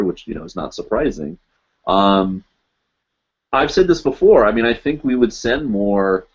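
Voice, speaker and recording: A man's voice: sits low, lo-fi sound. A man hosting a casual live stream, answering viewer questions and reading comments aloud in a rambling, easygoing way.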